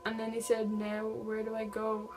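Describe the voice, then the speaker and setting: A woman's voice: on the high side, completely flat delivery, normal speed, over music, rough recording. A young woman vlogger casually retelling a true-crime story, reading text messages aloud with lots of "like" fillers.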